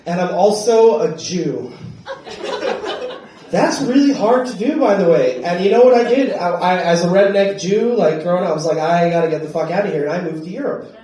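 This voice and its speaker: A stand-up comedian from Wyoming works a club crowd, his voice pitched high and punchy, with bursts where he shouts. He sounds a bit off-mic, and the club room rings with heavy echo around him. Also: lively intonation, moderate pace, distant mic. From Wyoming, USA. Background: audience laughter.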